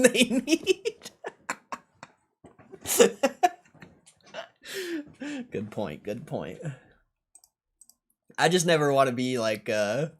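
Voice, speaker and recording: Laid-back, sarcastic young man. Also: on the low side. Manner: sarcastic, laid-back, swears and laughs often. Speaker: stock livestream host. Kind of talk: casual livestream chat reading comments.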